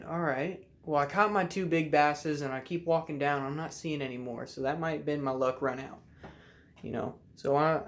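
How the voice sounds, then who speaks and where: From a messy room at home, a young man casually shares a fishing tale on camera, his voice on the higher side. He drawls easily but bursts into loud shouts while acting out the scene.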